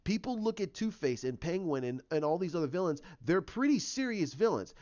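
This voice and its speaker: Male vlogger, fairly high voice, opinionated rant, dull lo-fi sound. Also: sing-song, a little fast, a little mellow. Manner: opinionated, ranting. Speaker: YouTuber. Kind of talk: casual opinion vlog. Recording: dull lo-fi recording.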